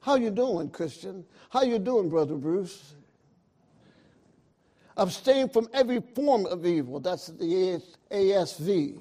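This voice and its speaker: A man preaching a sermon, calling out to his congregation and rising into loud, emphatic bursts. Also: high voice, animated, slow.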